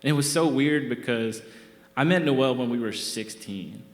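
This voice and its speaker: On a theatre stage, a young man with a mid-range voice tells a comic true story from his own life at a moderate pace. His delivery is wry, conversational and self-mocking, and the room gives a roomy theatre reverb.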